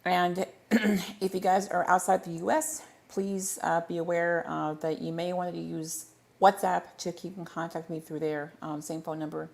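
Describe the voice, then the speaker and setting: A woman's voice: lowish voice, flat delivery, moderate pace, vocal fry, darkish tone. Rambling woman on a livestream. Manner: rambling, stumbling over words, self-correcting. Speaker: livestream host. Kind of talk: casual livestream Q&A chat.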